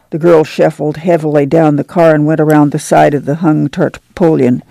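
Gravelly, dark-toned audiobook narrator. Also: mid-range voice, flat delivery, moderate pace, few pauses, dry recording. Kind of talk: reading a novel aloud.

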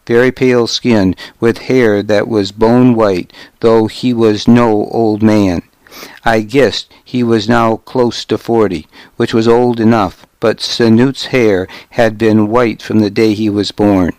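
A male audiobook narrator telling a historical tale in the first person. He reads slowly and deliberately, in a rather low voice. The recording is dry and close, with no room sound. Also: a little mellow, no echo. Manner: measured, deliberate storytelling.

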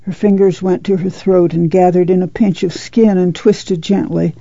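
A woman narrating a novel in a measured, low-key reading, on a dull lo-fi recording. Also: steady tone, vocal fry, mellow, no echo. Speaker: audiobook narrator. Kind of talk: scripted narration.

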